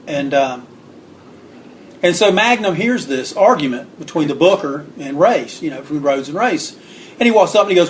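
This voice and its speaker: A man guest on an interview, telling stories in an animated way, acting out what people said and clearing his throat now and then. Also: a little high, moderate pace, slight background noise. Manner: animated storyteller acting out quotes. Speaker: guest author. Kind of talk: storytelling interview.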